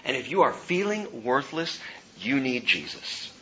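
A man in his forties, a pastor preaching a sermon, who shifts from hushed, slow emphasis to loud, high-pitched exhortation. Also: sing-song, highs cut off, a little hiss or hum. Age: 40s.

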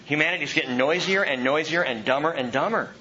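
A man preaching an expository sermon in an animated way, dropping to a hush and rising loud for emphasis. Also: fairly high pitch, quick pace, muffled recording.

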